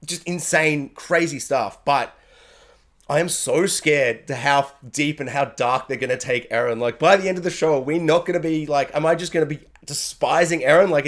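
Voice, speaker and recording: A man giving an animated, excited spoken review, often acting out characters' lines. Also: normal speed. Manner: animated, acts out character lines with sudden high yelps. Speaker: anime reviewer.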